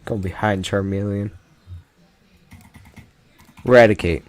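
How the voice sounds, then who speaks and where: A man's voice: lowish voice, steady tone, takes it slowly. A man giving casual, jokey commentary while ranking game characters, often trailing off mid-sentence. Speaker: YouTuber ranking Pokémon.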